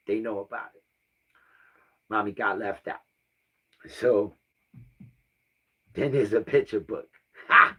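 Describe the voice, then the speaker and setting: A man's voice: lowish voice, bright, forceful tone. A man in his fifties telling a personal family story, rambling and repeating himself, often asking "right?" and sighing. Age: 50s. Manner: rambling and repetitive, often asks "right?" and sighs. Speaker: vlogger.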